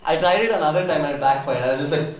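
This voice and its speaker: A young man doing a stand-up set, telling stories in an animated way. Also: on the high side, racing, distant mic. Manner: animated storytelling. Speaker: stand-up comedian. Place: campus forum room with audience. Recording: echoey room, audience noise.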